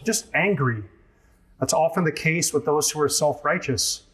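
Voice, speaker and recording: A man's voice: on the high side, normal speed, fairly bright tone. A man preaching an expository sermon as a pastor, earnest and emphatic, repeating his key phrases for weight.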